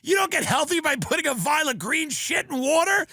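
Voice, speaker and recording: Man putting on a frantic dying man, high-pitched, shrill, whining, dry sound. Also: expressive, a little fast, vocal fry, pushed and bright, no room sound, heavily acted. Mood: panicked.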